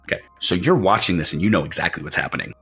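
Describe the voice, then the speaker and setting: Low husky guy gm-ing a tabletop game, rambly descriptive narration, faint music behind. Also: rapid-fire. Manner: animated descriptive narration with frequent restarts. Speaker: game master.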